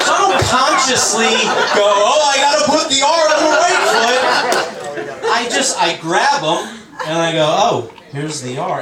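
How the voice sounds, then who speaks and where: Male stand-up, self-deprecating storyteller, heard from a distance in a reverberant club. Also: a little high. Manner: conversational storytelling, self-mocking, mimics others in quoted bits. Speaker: stand-up comedian. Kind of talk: stand-up comedy set. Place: comedy club stage with a laughing audience. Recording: roomy club sound, mic far off, loud audience laughter.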